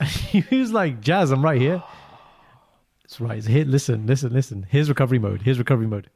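A man co-hosting a podcast, telling a story in a casual, animated way and jumping into high, exaggerated voices. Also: fast talker, breathy edge. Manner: animated storytelling, breaks into high mock greetings. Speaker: podcast co-host. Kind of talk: casual chat.

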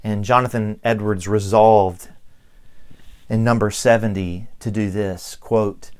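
A middle-aged man with a Southern US accent, preaching a sermon as pastor, slow and deliberate with emphatic pauses. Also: lowish voice, fairly even intonation, darkish tone, clear, resonant tone. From Southern United States.

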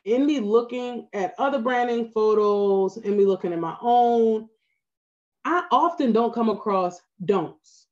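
A woman's voice: a little high, measured pace, a little mellow, muffled recording. Baltimore-accented woman photographer giving advice. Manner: earnest, advice-giving, frequent "right?" asides. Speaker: photographer guest. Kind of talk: casual podcast interview.

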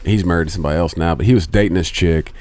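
A man in a casual podcast chat, telling profane and animated stories to his friends. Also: deep voice, very fast.

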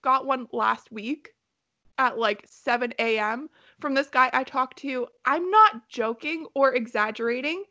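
A woman's voice: sits high, measured pace, bright, forceful tone. A young woman co-hosting a podcast, telling stories animatedly, laughing often and swearing. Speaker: podcast co-host. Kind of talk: casual chat.

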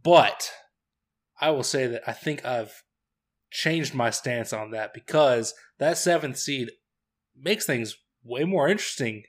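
A young man co-hosting a football podcast in casual chat, relaxed and measured. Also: medium pitch. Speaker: podcast co-host.

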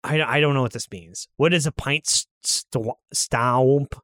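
A man's voice: fairly high pitch, brisk, fairly bright tone, no echo. A man co-hosting a casual chat, reading song lyrics aloud and joking about them. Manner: reads lyrics aloud, jokey. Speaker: podcast co-host.

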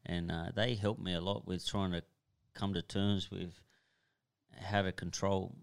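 Male guest, very low gravelly voice, blunt, profane, halting delivery. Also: flat delivery. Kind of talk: candid personal storytelling.

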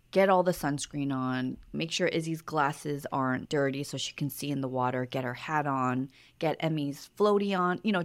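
Podcast co-host, woman, low voice, soft-spoken storyteller. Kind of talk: casual conversation.

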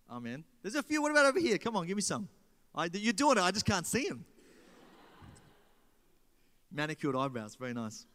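An Australian-accented man preaches a joking sermon in a large hall, trading lines back and forth with the crowd. His voice is high, pushed and bright, and the live hall adds reverb.

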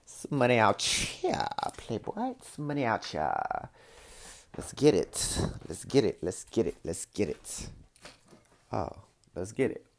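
A man's voice: fairly low pitch, wildly swooping pitch, takes it slowly, gravelly. A man hosting a podcast, giving a blunt, profane, rambling monologue. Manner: profane, blunt, repeats himself. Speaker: podcast host.

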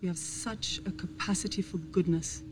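An actress playing a wise, dying female mentor sorceress in a film, speaking softly and tenderly. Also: lowish voice, moderate pace, close to an everyday voice. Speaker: film character. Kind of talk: film dialogue. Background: film score music.

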